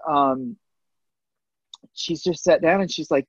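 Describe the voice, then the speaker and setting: A man's voice: on the high side, slow pace, pauses often, slightly rough, no room sound, lo-fi sound. A man, a baker and co-host, chatting casually, swearing now and then and talking to the listeners. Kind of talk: casual podcast chat.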